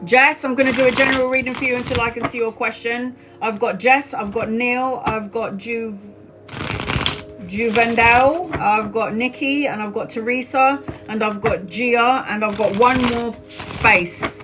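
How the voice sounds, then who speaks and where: A woman giving live-stream tarot readings in an excitable way, often laughing and exclaiming, and calling viewers sweetheart. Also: fairly high pitch, measured pace, music in the background, low-quality recording. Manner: affectionate, calls viewers sweetheart. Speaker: tarot reader.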